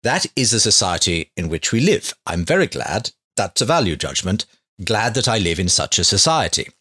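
A man putting on an impression of an older male atheist scientist, speaking in a measured, clipped, deliberate way. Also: low voice, big pitch swings, a bit bright, exaggerated voice. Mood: evasive.

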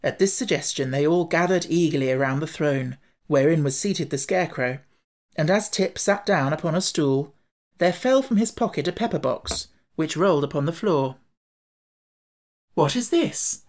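Narrator: woman, lower voice, steady storybook reading. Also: moderate pace. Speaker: audiobook narrator.

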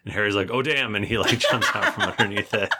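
A man hosting a podcast, casually retelling a story with playful asides and quick character bits. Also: fairly low pitch, steady tone, noisy background. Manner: laughs often, playful asides, acts out characters briefly. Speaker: podcast host recapping a book. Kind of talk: casual chat, storytelling recap.

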